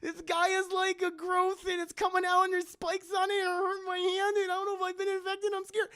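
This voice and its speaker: A man voicing a frightened woman crew member in a high, whimpering falsetto. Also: completely flat delivery, a little fast, pushed and bright, exaggerated voice. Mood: scared. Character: terrified woman crew member, shaky and pleading.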